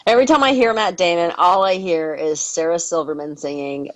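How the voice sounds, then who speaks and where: A woman's voice: fairly low pitch, brisk, poor audio. A woman co-hosting a podcast, joining in casual, playful banter. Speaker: podcast co-host.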